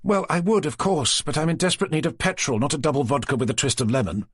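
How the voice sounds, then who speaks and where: A man's voice: a little high, fast, slightly rough, dry recording, voice pushed up. A man voicing a wry young policewoman. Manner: dry, teasing banter. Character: young woman detective, wry and breezy.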